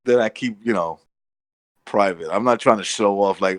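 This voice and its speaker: A man's voice: fairly low pitch, moderate pace, no room sound, rough recording. A man co-hosting a podcast in casual chat, rambling, restarting his sentences and acting out what others said. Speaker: podcast co-host.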